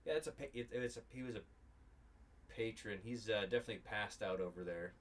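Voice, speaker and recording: A man voicing a friendly male orc innkeeper in a tabletop game, speaking a bit lower and quieter, with hesitant pauses. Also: natural voice.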